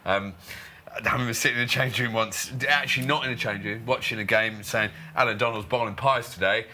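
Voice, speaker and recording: A man co-hosting a cricket show, telling quick anecdotes in a casual, laughing chat. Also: fairly low pitch, steady tone, sharp tone. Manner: chatty anecdotes, laughs often. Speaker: cricket show co-host, former player.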